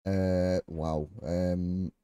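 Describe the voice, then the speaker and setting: A man's voice: low voice, drawn-out words, clear, resonant tone, no room sound, studio quality. A man streaming a game live, chatting casually with his viewers, laughing often and swearing freely. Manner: excitable and chatty.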